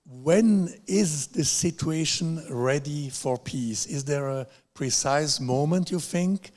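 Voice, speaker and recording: Slow, hesitant male moderator. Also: fairly high pitch, a little mellow. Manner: polite, hesitant, many fillers. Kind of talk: moderating a press conference.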